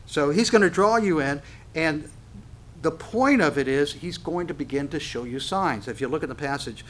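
Guy preaching a sermon, kinda high voice, lively, acts out back-and-forth bits. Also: normal speed. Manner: animated, acts out dialogue, laughs often.

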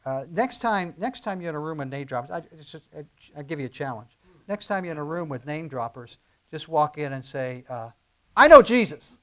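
A middle-aged man preaches in a loose, conversational sermon style. His voice sits fairly high for a man, and it rises into emphatic bursts. He often restarts his sentences mid-thought. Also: lively intonation, a little fast. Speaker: pastor.

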